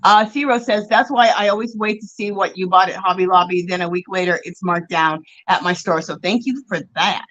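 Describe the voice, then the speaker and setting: A woman's voice: medium pitch, fairly quick, hardly any pauses, rough recording. A woman hosting a casual craft livestream, reading viewer comments aloud and greeting people by name in a chatty, gushing way while she works on her yarn. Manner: chatty, animated, with gushing exclamations. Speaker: livestream host.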